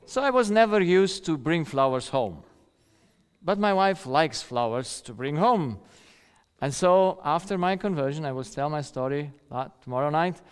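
A middle-aged man from the countryside delivers a sermon built on a personal story, playing the voices of its characters and laughing often. His slightly high voice has lively intonation, normal speed and a clean tone. The sound carries a long hall reverb.

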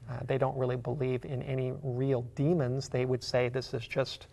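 A man's voice: mid-range voice, level tone, normal speed, vocal fry, mellow. A man preaching a sermon. He explains a Bible passage as a story in an earnest way and builds to emphatic questions.

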